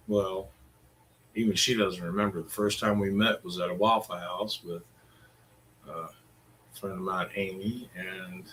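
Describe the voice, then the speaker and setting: A man's voice: lowish voice, a bit bright, a little hiss or hum. A middle-aged man, ranting casually in a crude, profane, rambling way. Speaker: vlogger.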